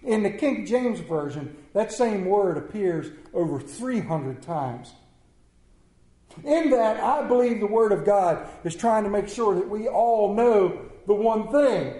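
A male pastor preaching a Sunday sermon, animated and joking with the congregation, swinging between loud emphasis and quiet asides. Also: high voice. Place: church sanctuary. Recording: echoey church room.

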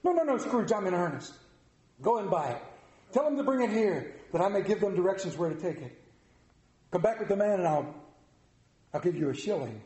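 A man voicing a reformed old miser who swings between gleeful shouts and mock growls, read aloud in a sermon. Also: high-pitched, very animated, brisk, long pauses, roomy sound, pitched above the performer's own voice.

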